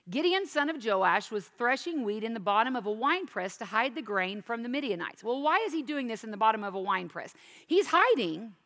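A woman's voice: fairly high pitch, a bit bright, in a large hall. A woman teaching a sermon, reading scripture aloud and then explaining it with questions to the listeners. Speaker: Bible teacher.

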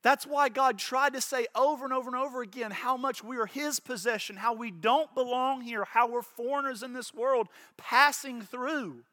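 Bright, impassioned male pastor preaching. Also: extremely high pitch, normal speed, few pauses, dry recording, clean studio sound. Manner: impassioned, acts out voices, repeats words. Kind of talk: sermon.

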